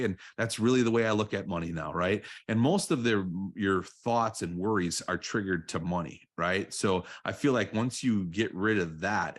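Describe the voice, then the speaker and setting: A man's voice: on the low side, a bit bright. A man guesting on a podcast as a real estate coach, talking earnestly and repeating phrases, often checking in with "right?". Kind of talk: podcast interview.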